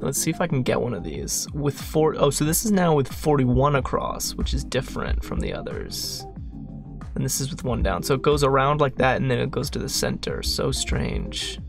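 A man's voice: medium pitch, creaky. A man solving a crossword puzzle while thinking aloud, muttering, questioning himself and trailing off. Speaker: crossword solver.

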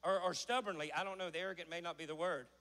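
A male pastor, preaching a folksy sermon in a church that builds to a shout. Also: high voice, steady tone, rapid-fire, in a large hall. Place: church sanctuary.

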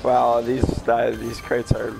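A young man gamer reacting live to a crate opening, ecstatic and shaky, shouting at times and close to tears. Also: medium pitch, monotone, slow pace, creaky, over music.

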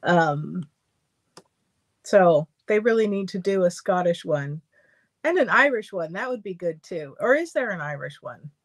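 A woman's voice: fairly low pitch, expressive, a little slow. A woman hosting a sewing livestream, chatting casually and telling stories with frequent laughter. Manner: chatty, laughs often, storytelling. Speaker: sewing stream host.

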